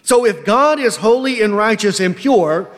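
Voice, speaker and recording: A man preaching an expository sermon, emphatic and often checking in with a quick "right?". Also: high-pitched, animated, in a large hall. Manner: emphatic, frequent tag question "right?".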